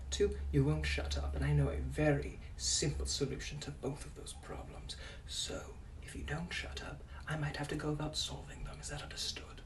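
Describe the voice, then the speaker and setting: A man voicing a bossy 1800s British gentleman with a British accent, curt and commanding. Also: fairly high pitch, far from the mic, slight background noise, lightly acted. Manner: curt, commanding, then whispered.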